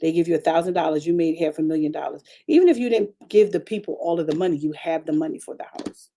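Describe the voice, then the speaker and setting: A woman pastor preaching a conversational broadcast sermon, chatty and animated, repeating phrases and calling out to her congregation. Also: sits low, quick pace, a little hiss or hum. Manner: chatty, repetitive, calls out to the congregation; animated preaching with frequent restarts.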